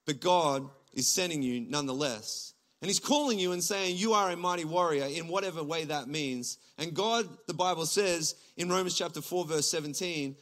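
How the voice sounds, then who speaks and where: An Australian man, a pastor, preaching a lively sermon from a church stage, his voice climbing to near-shouts. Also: fairly high pitch. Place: church stage before a congregation.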